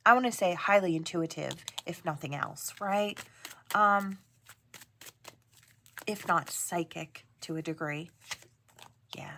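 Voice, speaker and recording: A woman talks her viewers through a tarot reading in a soft, meandering way. She keeps circling back with "right?" and "I wanna say". Her voice sits at a middling pitch. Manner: gentle, rambling, frequent "right?" and "I wanna say". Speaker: tarot reader.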